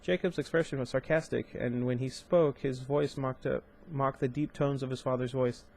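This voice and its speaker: Reading a novel on his channel, a young male host speaks in an ordinary middle pitch at a moderate pace, his tone steady and darkish with some vocal fry. He's an amateur audiobook reader who drifts between passages into casual asides, full of ums and restarts.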